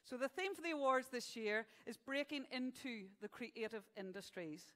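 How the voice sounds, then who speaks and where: A woman's voice: fairly high pitch, expressive, normal speed, a bit bright, in a large hall. A woman hosting a live awards event, joking with the crowd between announcements. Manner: jokey, chatty, tells gags with punchlines. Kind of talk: live stand-up style hosting. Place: event venue stage.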